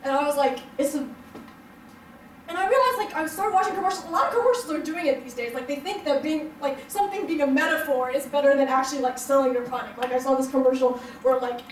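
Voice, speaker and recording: A young woman tells comic stories on a stage, her high voice wandering through fillers and bursts of laughter. She is heard from a distance in a roomy hall, with a faint murmur of the room behind her. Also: a little mellow, a little hiss or hum. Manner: rambling, filler-heavy storytelling with frequent laughs. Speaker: stand-up comedian. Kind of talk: stand-up comedy set. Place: hotel event room before a live audience. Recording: roomy, distant live-show sound.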